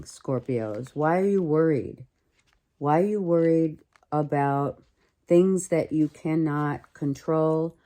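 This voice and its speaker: A woman reads tarot cards in a relaxed, thinking-aloud way, often repeating and restarting phrases. Her voice sits low with a warm, dark tone. She talks slowly and unhurriedly. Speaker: tarot reader. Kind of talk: casual tarot reading.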